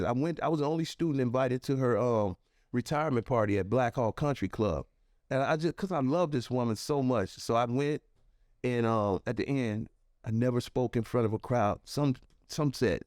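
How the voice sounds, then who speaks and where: A man telling a personal story as a podcast guest, animated and conversational, with plenty of "you know" and "right", close on a podcast microphone. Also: moderate pace, no echo. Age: adult. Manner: animated, acts out quoted voices with sharp pitch jumps.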